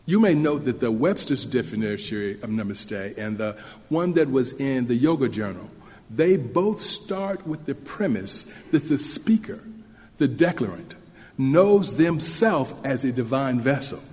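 A man preaching a sermon in an earnest, measured way, speaking to a congregation with occasional questions to them. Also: mid-range voice, lively intonation, darkish tone. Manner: earnest, measured delivery with audience asides. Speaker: minister. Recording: long hall reverb.

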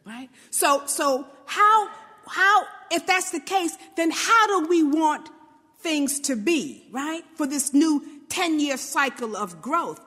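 A woman's voice: high voice, lively intonation, takes it slowly, sharp tone, long reverb tail. A woman from Brooklyn, giving an informal motivational talk and often checking in with "right?". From New York, Brooklyn. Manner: conversational, often asks "right?", acts out little quotes.

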